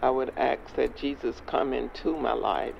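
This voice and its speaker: Gravelly old street preacher, slow and measured, dull lo-fi sound. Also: male voice, mid-range voice, steady tone, crowd noise. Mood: solemn. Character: stern elderly churchgoer preaching to young men. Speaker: elder leading a prayer.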